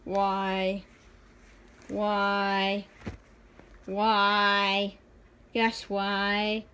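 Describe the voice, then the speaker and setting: A young woman presents her own drawings, her medium-pitched voice bright, forceful, clear and resonant, though her delivery is completely flat and very slow. The chat is casual and rambling, full of giggles and self-mockery.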